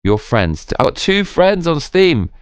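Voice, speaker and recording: A man's voice: a little high, sing-song, unhurried, clear, resonant tone, no echo. A man streaming a game, talking casually to his chat while drunk, rambling and swearing.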